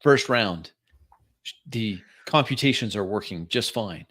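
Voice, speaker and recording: A man running a tabletop role-playing game as game master, narrating the scene in a slow, halting way. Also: fairly low pitch, animated, fairly bright tone, breathy edge, dry recording.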